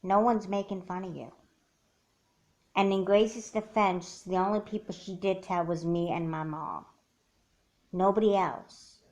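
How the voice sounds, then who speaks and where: A woman's voice: medium pitch, steady tone, measured pace, pauses often, darkish tone, lo-fi sound, lightly acted. A woman voicing a protective older sister in a doll movie, firm and scolding.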